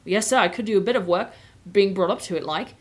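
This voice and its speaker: Woman voicing a deferential Cockney cabbie, halting and humble. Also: mid-range voice, lightly acted. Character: humble middle-aged male London cabbie.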